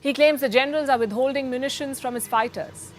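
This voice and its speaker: A woman's voice: high voice, steady tone, fast talker. A woman with an Indian English accent presenting the news as an anchor, in a pointed, emphatic scripted delivery.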